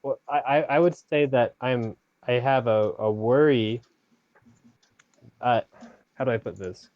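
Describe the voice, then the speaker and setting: A young college student talking in a casual group video call, tentative and searching for words. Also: male voice, mid-range voice, measured pace. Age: young adult. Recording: dull video call audio.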